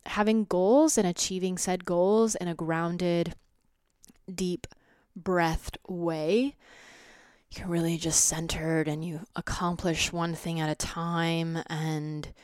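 A young adult woman hosting a solo podcast, talking slowly and steadily, at times sinking into soft half-whispers. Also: on the low side, flat delivery, clean tone, no echo, studio quality. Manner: slow, grounded, drifting into soft half-whispers. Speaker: podcast host. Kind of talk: reflective solo podcast talk.

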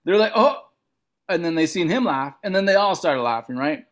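A man from a Montana reservation telling a casual story as a comedian guest, acting out other people's lines with big jumps in pitch. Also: brisk. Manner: animated, acts out quoted voices with big pitch jumps.

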